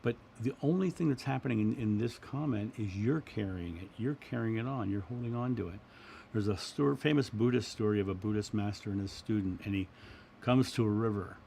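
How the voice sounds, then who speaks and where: A middle-aged man hosting a spiritual livestream, talking in a gentle, reflective way as he answers viewers. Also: on the low side, brisk, creaky, slight background noise. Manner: gentle, reflective, repeats words and restarts. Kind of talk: casual spiritual talk.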